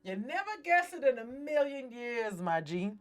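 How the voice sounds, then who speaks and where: A woman hosting a talk show recaps a TV episode with dramatic, slang-packed storytelling and lots of swearing. Her voice is fairly high with big swings in pitch, and she speaks at a moderate pace.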